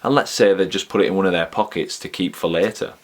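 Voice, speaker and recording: A man's voice: sits low, fast. A man with a Yorkshire accent chatting in a casual vlog, joking at his own expense and chuckling often. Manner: jokey and self-mocking, chuckles often. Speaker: vlogger and TV extra. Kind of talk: casual chat.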